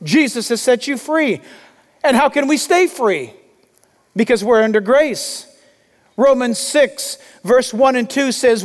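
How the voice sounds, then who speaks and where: Male pastor, high-pitched, emphatic sermon delivery, long hall reverb. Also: lively intonation, measured pace. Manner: emphatic preaching, loud and urgent.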